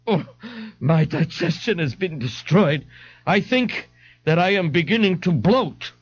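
A man's voice: a little high, expressive, measured pace, slightly rough, pitched above the performer's own voice. A man voicing a pompous, fussy young man who speaks in an overly formal, indignant way, recorded on dull lo-fi tape. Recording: dull lo-fi dry studio tape.

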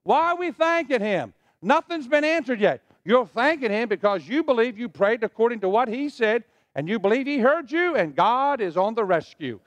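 A man's voice: very high-pitched, very animated, normal speed, hardly any pauses, no echo. A middle-aged male pastor preaching a sermon, leading the congregation in call-and-response. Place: church sanctuary.

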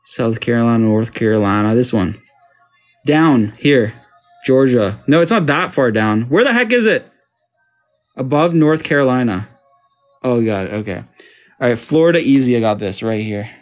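Young Australian man, mid pitch, casual game commentary with faint music behind. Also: normal speed, a little mellow. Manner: thinks aloud, frustrated, jumps to high exclamations. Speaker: vlogger playing a map quiz.

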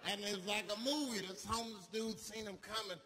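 A man doing stand-up, telling a story and acting out the people in it with shouts and gasps. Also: sits high, steady tone, quick pace, heavy background noise. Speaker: stand-up comedian. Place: comedy stage before a live audience.

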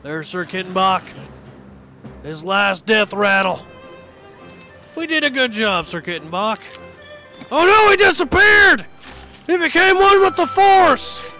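A man's voice: high-pitched, lively intonation, unhurried, long pauses, bright, forceful tone, heavily acted. A man voicing a belligerent old-timer monster hunter in comedic gameplay commentary, folksy and grumbling. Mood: gloating. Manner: folksy grumbling, cries dadgummit. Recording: game music under voice. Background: video game music.

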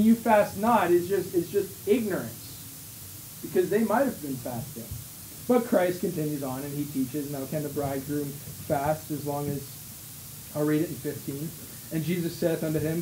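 A man's voice: sits high, mellow. A man with a Canadian accent preaching a sermon as pastor, reading scripture aloud and sometimes mocking the voices of hypocrites. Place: small church hall. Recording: echoey room, faint hiss.

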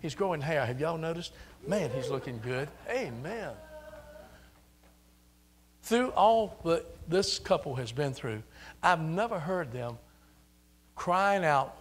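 An older man preaching a sermon in a church, building up to loud, repeated exhortations. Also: a little high, expressive, slow pace, pauses often. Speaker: pastor. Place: church sanctuary.

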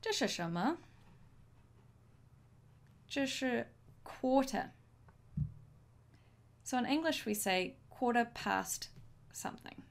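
A woman teaching a language lesson, modelling each phrase slowly and clearly for learners to repeat. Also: a little high, expressive. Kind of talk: slow, deliberate language lesson.

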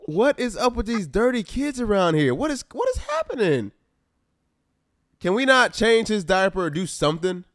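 Studio-quality audio with no echo captures a man's high voice at a moderate pace. He's a gaming YouTuber giving casual let's-play commentary on a life-simulation game, animated and exasperated, and he speaks straight to his viewers, calling them "y'all."

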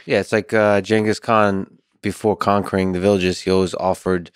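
Deep male interviewer, soft-spoken, halting questions, dry studio sound. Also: level tone, clear, resonant tone, no echo. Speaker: podcast host, interviewer. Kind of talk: interview conversation.

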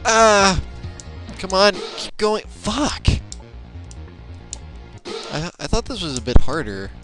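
A young man talks through a tough platform game into his laptop microphone, swinging his pitch all over as he mutters, groans and swears at the screen. He speaks at a slow, drawn-out pace, with faint game music playing underneath. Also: sing-song, bright, forceful tone. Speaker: let's play gamer. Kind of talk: casual gameplay commentary.

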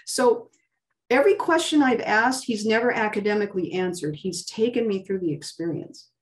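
A woman gives an emotional personal testimony in a fervent voice, often restarting herself and lifting her pitch for emphasis. Her voice sits in a middle range and is picked up from a little way off the mic. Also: normal speed. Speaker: guest sharing a testimony. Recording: voice distant from the mic.

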